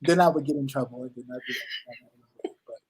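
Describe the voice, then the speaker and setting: A woman's voice: rumbling low, moderate pace, breathy edge, rough recording. A woman hosting a casual online chat, telling stories with lots of acted-out quotes. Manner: animated storytelling, acting out quotes. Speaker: host.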